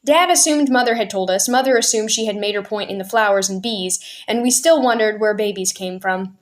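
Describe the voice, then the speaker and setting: A woman reading a family memoir aloud as a storyteller, in a steady, clear telling. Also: medium pitch, a little fast. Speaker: storyteller aunt.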